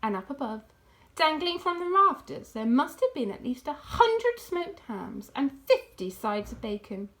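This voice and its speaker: Storyteller lady, high bright voice, reading a kids' book with lots of swing. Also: a little slow. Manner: expressive, animated reading. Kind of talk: children's book read aloud.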